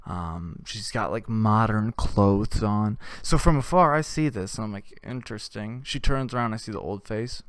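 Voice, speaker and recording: A man hosting a comedy show, telling a crude, rambling story with deadpan delivery. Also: on the low side, normal speed, few pauses, smooth, no room sound, studio quality.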